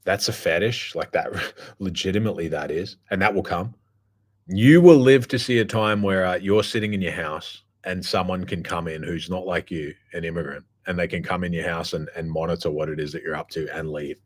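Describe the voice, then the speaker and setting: Man, very low pitch, casual monologue, blunt, swearing, rambling with fillers. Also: brisk. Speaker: podcast host.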